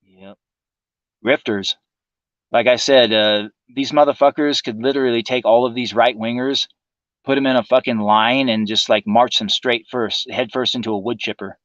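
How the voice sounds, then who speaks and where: A man's voice: medium pitch, fairly even intonation, normal speed, fairly bright tone, no room sound, highs cut off. A man hosting a livestream, delivering a profane, sarcastic political monologue in a casual ranting manner. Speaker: livestream host.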